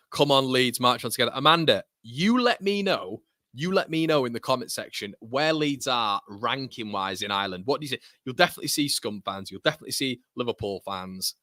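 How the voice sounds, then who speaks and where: Young male streamer, bright tone, dry close sound, chatty fan banter. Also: fairly low pitch, no room sound. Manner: chatty, rambling, laughs often, banter with viewers. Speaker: football watchalong host. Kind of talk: casual live-stream chat reading comments.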